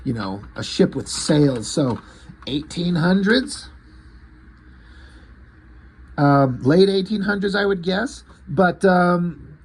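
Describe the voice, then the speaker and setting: A man's voice: a little high, a little mellow, husky. A man casually paging through a comic book, loosely retelling the story in a rambling way.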